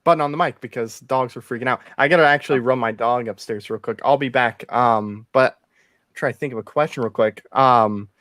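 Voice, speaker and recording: A man's voice: medium pitch, brisk, a bit bright, no room sound. Eager man on a dry mic. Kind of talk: casual chat.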